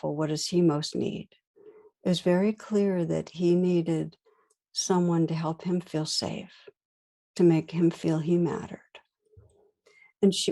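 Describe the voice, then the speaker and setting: A woman meditation teacher giving a dharma talk, telling stories in a gentle, unhurried way with soft pauses. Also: on the low side, vocal fry.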